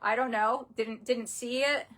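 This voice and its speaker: A young woman with a slightly high voice talks through a painful story, grieving and near tears. She stops and restarts often, her words halting and upset. It sounds like a raw personal vlog. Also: fairly even intonation, fairly bright tone. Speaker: vlogger.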